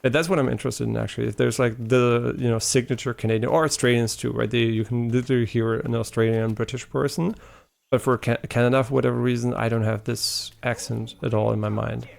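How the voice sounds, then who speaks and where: A man's voice: medium pitch, fairly even intonation, quick pace, creaky. A man live-streaming a game, chatting casually with his viewers in a rambling, talkative way and swearing now and then. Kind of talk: casual live-stream chat while gaming.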